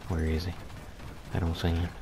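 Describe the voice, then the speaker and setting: A man's voice: sits low, monotone, moderate pace, background noise. A man giving casual gameplay commentary, grumbling in disbelief, repeating himself and chuckling, with folksy mild oaths.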